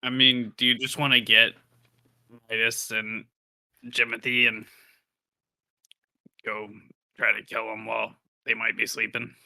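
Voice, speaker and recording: Bright, gravelly-voiced man at a game table. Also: lowish voice, level tone, a little slow, pauses often. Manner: inquisitive, drops to a whisper in character. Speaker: player. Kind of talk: tabletop role-play.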